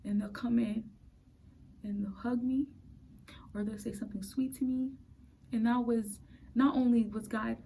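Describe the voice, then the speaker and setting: A woman in her late twenties hosting a podcast. She tells her personal faith story in an earnest, halting way and is close to tears. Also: on the high side, fairly even intonation, creaky, mellow, a little hiss or hum, low-quality recording. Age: late 20s. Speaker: podcast host.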